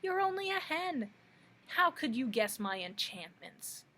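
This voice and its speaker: A woman voicing a small, hot-tempered male gnome king who blusters and yells, in a husky voice. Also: high-pitched, sing-song, measured pace, exaggerated voice. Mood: blustering. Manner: blustering, yelling.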